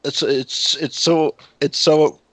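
A man's voice: on the high side, fairly even intonation, takes it slowly, fairly bright tone, no echo. A man chatting on a call, hesitant and repeating words, laughing at his own story. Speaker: co-host on a call. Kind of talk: casual chat.

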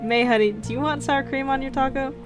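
A woman voicing a cheerful, doting mother in a game, lifting her voice higher and sweeter, over music. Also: steady tone, a little fast, close to an everyday voice.

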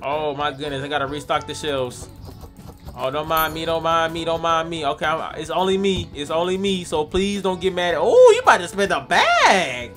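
A man's voice: fairly high pitch, flat delivery, normal speed, fairly bright tone, soft background music. Hyped young man joking through gameplay. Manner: hyped, joking, talks to game customers. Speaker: gaming YouTuber. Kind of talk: playful gameplay commentary.

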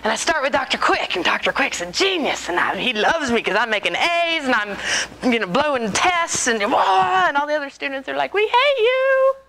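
A woman in her forties telling stories to an audience, animated and joking, laughing often. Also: high voice, fairly quick, poor audio. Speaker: speaker. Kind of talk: storytelling talk to an audience.

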